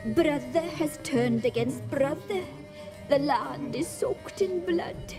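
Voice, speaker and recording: A woman's voice: high-pitched, lively intonation, takes it slowly. An actress voicing an ancient, sinister witch crone in a video game, speaking in an ominous, portentous way. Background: game music.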